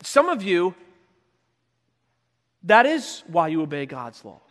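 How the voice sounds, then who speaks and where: Slow and full of big pitch swings, a male pastor with a high voice gives a sermon that rings with a sanctuary's long reverb. He mostly chats with the congregation, then shouts loudly when acting out stories.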